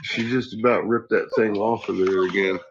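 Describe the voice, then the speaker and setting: Speaking at normal speed with fairly even intonation, a man rambles and swears through a casual home vlog. His dogs bark nearby, and he talks to them in a high, teasing voice. The recording is dull, lo-fi, and has clear background noise.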